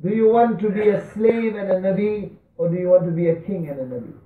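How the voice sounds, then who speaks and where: A man preaching a sermon in a mosque hall, impassioned, swinging between high cries and hushed tones. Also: fast talker. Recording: distant, tinny, echoey mosque recording.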